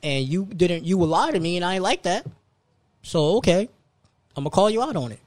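A young man telling a story in casual chat, animated, laughing often and repeating himself. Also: sits high, brisk.

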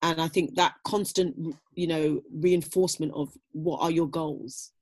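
Husky woman, reflective and chatty. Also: sits low, steady tone, a little slow. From Britain. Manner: reflective, lots of "you know" fillers. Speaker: guest, former athlete. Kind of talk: casual conversational interview.

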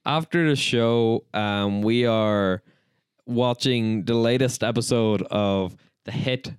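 Deadpan young man, smooth voice. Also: mid-range voice, slow pace, dry recording, clean studio sound. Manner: deadpan joking. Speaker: podcast co-host. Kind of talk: casual chat.

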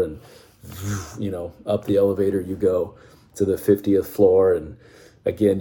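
A man with a very low, dark and mellow voice tells a dramatic story in the second person. He pulls the listener into the scene as "you".

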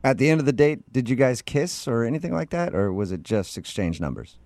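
A man's voice: mid-range voice, expressive, fairly quick, darkish tone, no echo. A man hosting a radio talk show, joking and teasing in a casual way.

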